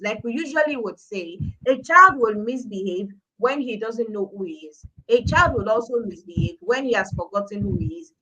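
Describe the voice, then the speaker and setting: Emphatic Nigerian woman, bright voice. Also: on the high side, a little hiss or hum, rough recording. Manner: emphatic, repeating points for stress. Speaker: parenting speaker, guest. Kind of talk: live-stream talk show discussion.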